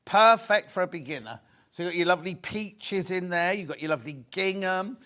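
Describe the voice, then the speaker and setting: On a live TV shopping channel, a British man presents in a high, brisk voice. He's chatty and excitable, repeating prices and bantering with the studio crew.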